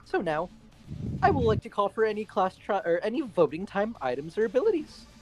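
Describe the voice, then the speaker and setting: A woman's voice: medium pitch, sing-song, brisk, darkish tone, husky, faint music behind. A woman running a social deduction game as game master, announcing votes and reveals with a showy, playful delivery. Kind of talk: theatrical game hosting.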